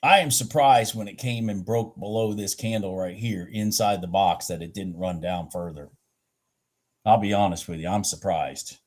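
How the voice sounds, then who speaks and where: A man hosting a live trading stream, urging his trades on, swearing at the chart and then slowly talking through his morning and setups. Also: lowish voice. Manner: slow, rambling and candid when explaining. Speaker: futures trading livestream host.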